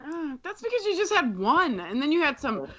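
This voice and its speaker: A woman's voice: high-pitched, big pitch swings, normal speed, pushed and bright, lo-fi sound. A woman co-hosting a casual podcast, joking, swearing and laughing a lot. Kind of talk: casual group chat.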